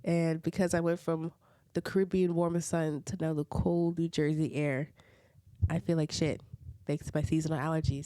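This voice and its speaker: A woman with a low, mellow voice chats through a reality TV recap. She fills her talk with "like" and rhetorical questions. The sound is dry and close. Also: steady tone, a little fast, dry recording. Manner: chatty, frequent "like" and rhetorical questions. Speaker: reality TV reviewer. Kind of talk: casual recap vlog.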